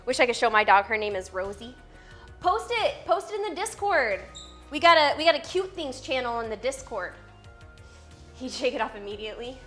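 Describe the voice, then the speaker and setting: A woman's voice: fairly high pitch, big pitch swings, moderate pace, a bit bright, soft background music. A young woman, a fitness trainer, chatting playfully with her live-stream viewers from home. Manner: bubbly, playful, reads chat aloud and answers it. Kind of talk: casual live-stream chat.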